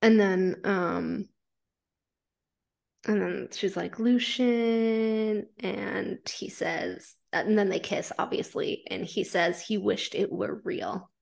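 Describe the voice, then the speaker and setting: A woman's voice: medium pitch, slow, creaky. A woman podcast co-host who reads fanfiction aloud, then chats casually, swearing freely and laughing as she reacts.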